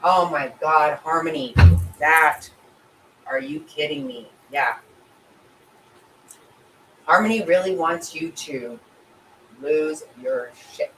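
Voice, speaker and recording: A woman's voice: sits low, takes it slowly, long pauses, fairly bright tone, roomy sound, distant mic, low-quality recording. A middle-aged woman hosts a casual livestream, answering viewers with emotional, sympathetic rambling full of restarts. Her voice sits a little away from the mic. A faint ambient noise runs underneath. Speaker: livestream host reading chat.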